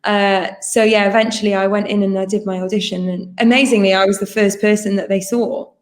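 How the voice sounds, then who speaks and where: A woman's voice: mid-range voice, fairly even intonation, brisk. A woman guest chatting eagerly over a laptop video call, telling a long story and acting out other people's lines. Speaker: guest performer. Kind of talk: casual interview chat.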